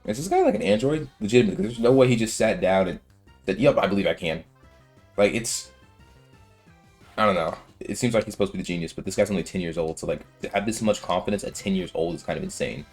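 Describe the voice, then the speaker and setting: Fast-talking low-voiced young man gaming. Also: lively intonation, darkish tone, soft background music. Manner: rambling, filler-heavy, slangy. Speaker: let's-play gamer. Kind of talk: casual gameplay commentary.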